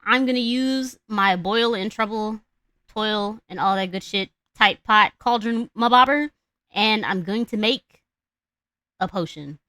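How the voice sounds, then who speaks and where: A woman's voice: mid-range voice, measured pace, pushed and bright, no echo. A woman voicing a vain, scheming evil stepmother queen with a haughty manner.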